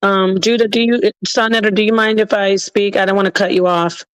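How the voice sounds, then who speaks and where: A woman's voice: mid-range voice, steady tone, a little fast, clear, resonant tone, no echo, rough recording. A woman arguing back indignantly in a panel debate, pointedly rebutting claims. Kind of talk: heated argument.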